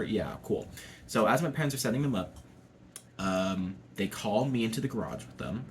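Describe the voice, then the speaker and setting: A man's voice: fairly low pitch, a little hiss or hum. A young adult man telling a personal story to camera in a casual, chatty way, swearing freely and laughing often. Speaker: vlogger.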